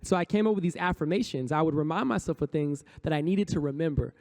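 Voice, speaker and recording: A man's voice: on the high side, quick pace, darkish tone. A man, a poet and rapper, giving a motivational conference talk, chanting affirmations rhythmically and leading the audience in call-and-response. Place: conference hall stage.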